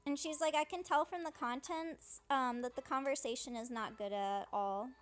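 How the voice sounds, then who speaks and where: A woman's voice: high-pitched, normal speed, faint music behind. A woman casually narrating a game playthrough, paraphrasing characters' lines in a chatty way. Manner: chatty, paraphrases dialogue with "she's like". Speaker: fan dubber playing through a game.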